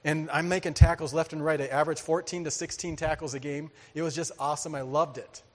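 A man preaching a sermon, telling a story with lively energy, acting out voices and laughing often. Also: fairly high pitch, fast talker. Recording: hall reverb.

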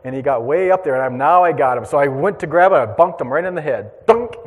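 A man preaching, telling a lively childhood story to his congregation and drawing a lesson from it. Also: on the high side, fast, in a large hall. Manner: animated storyteller, acts out voices and shouts. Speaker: pastor. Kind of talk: storytelling sermon.

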